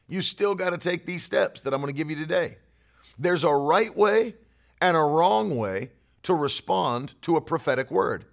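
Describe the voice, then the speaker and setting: A man's voice: fairly high pitch, animated, unhurried, vocal fry. A man preaching a sermon, telling a story earnestly and repeating key phrases for emphasis. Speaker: pastor. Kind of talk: sermon teaching.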